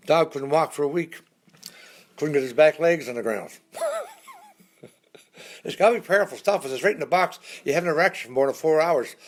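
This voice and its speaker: A man telling jokes in a casual folksy way on a live stream, often laughing at his own punchlines. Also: fairly high pitch.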